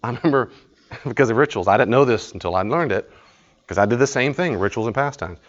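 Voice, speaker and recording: A man's voice: mid-range voice, expressive, fast talker, muffled recording. A man leading a live study group. He teaches informally, tells stories, acts out conversations and laughs often.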